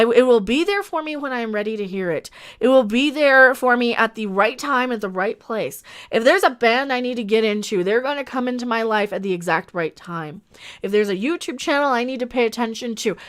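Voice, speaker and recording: A woman's voice: on the high side, fairly bright tone, clean tone. A woman hosting a livestream, ranting with passion about online mobs and reading viewer comments aloud. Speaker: livestream host.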